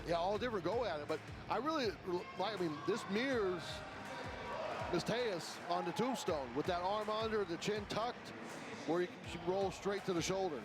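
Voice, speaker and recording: A man's voice: high-pitched, moderate pace, over loud music. Encouraging male sports commentator. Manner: encouraging, technical analysis.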